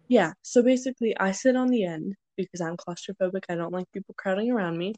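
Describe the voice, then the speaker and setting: A woman's voice: mid-range voice, fast talker, no echo, poor audio. Chatty young woman, dry close sound. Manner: chatty storytelling, rambling with fillers; shouts playful impressions of friends. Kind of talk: casual chat.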